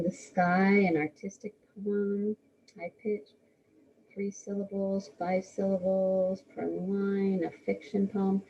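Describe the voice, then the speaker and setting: A woman's voice: lowish voice, vocal fry, mellow, a little hiss or hum, poor audio. A woman teaching a live lesson to schoolchildren, encouraging them and answering their comments with frequent ums. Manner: encouraging, answers students' comments with many fillers. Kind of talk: live read-aloud lesson to a class.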